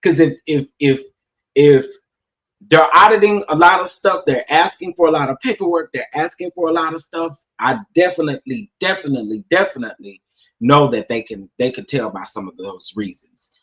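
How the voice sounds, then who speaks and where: A man doing casual gossip commentary, sassy and animated, talking straight to his viewers. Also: fairly high pitch, normal speed, muffled recording. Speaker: commentary vlogger.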